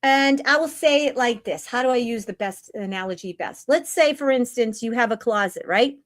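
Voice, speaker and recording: A woman's voice: on the high side, expressive. A woman hosting a live-stream spiritual talk, earnest, repeating phrases and checking in with "right?" and "okay?". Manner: reads slow guidance lines, then talks freely.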